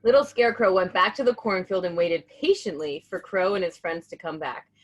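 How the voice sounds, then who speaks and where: Animated woman reading a children's book. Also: on the low side, fairly quick. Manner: bright, enthusiastic, animated. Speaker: storybook reader and host. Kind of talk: children's read-aloud.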